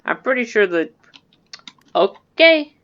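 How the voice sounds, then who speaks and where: A woman's voice: on the low side, measured pace. A woman giving casual, rambling, self-mocking commentary while playing a strategy game, in a dull lo-fi recording. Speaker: gaming video creator. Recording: dull lo-fi mic.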